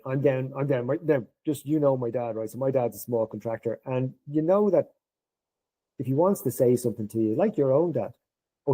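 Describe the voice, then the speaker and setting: A middle-aged Irish man appears as a podcast guest, his medium-pitched voice breathy at the edges and the recording rough. He tells an anecdote with animation, acting out what the people in it said.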